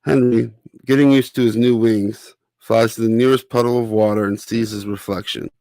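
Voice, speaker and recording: A man reading his own children's picture book aloud as narrator, with a steady, clear delivery. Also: mid-range voice, normal speed, no echo. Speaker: author and narrator.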